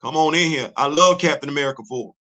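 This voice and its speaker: A man hosting a casual live-stream commentary, animated and rhetorical, laughing often as he talks. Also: a little high, fast. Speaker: host.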